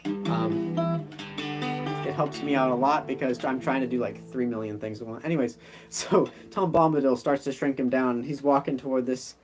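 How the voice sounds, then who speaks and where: A man's voice: medium pitch, moderate pace, faint music behind. A man hosting a live stream, improvising a story in a rambling, filler-heavy, loose way.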